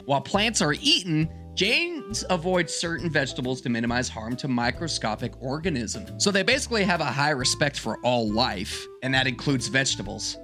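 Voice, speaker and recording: Jokey guy reacting to stuff online, bright voice, bounces all over, faint music under. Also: medium pitch, normal speed, hardly any pauses. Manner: excitable, jokey, exaggerated reactions. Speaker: host. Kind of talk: reacting to searches.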